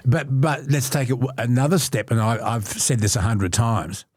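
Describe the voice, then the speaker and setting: A man's voice: medium pitch, normal speed, darkish tone, no room sound, clean studio sound. A man hosting a casual chat, making his points insistently. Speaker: host.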